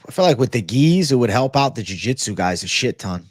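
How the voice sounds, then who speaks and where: A man hosting a live stream, relaxed as he reads and answers viewer chat. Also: medium pitch, a little fast, husky, no room sound, clean studio sound. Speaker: livestream host.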